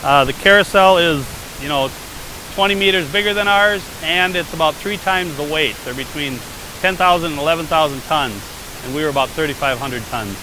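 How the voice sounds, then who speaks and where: A man's voice: a little high, normal speed, noisy background. Chatty man from Minnesota, outdoors. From Minnesota, USA. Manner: chatty and loose, with many fillers. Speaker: interviewee, former world record holder. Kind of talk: casual on-the-spot interview. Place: outdoors on a frozen lake.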